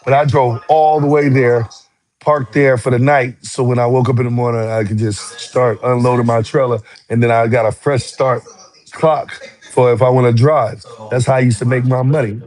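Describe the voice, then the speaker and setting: A man, a former truck driver telling a story in casual, profane, animated talk with heated outbursts. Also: medium pitch, moderate pace, faint music behind. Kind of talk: casual storytelling on a live stream.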